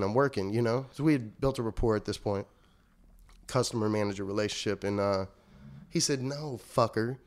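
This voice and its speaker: A young man talks through a personal story as an interview guest, casual and profane. He acts out both sides of old conversations with lively, animated delivery. His voice sits at a middle pitch.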